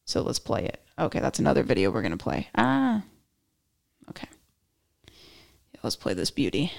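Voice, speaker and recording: A woman's voice: very deep voice, huge pitch swings, moderate pace, gravelly. A woman hosting her own podcast, chatting through political commentary in a rambling, self-mocking way with joking asides. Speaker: podcast host.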